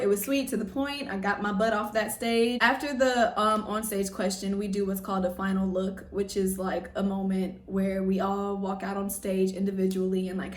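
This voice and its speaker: A young woman recounts a personal story to her viewers, effusive and emotional, peppering every phrase with "like". Her voice sits at a middle pitch. The recording sounds roomy, with the mic set back from her. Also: far from the mic. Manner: emotional, effusive, heavy use of "like". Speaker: vlogger. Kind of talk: casual storytelling to camera.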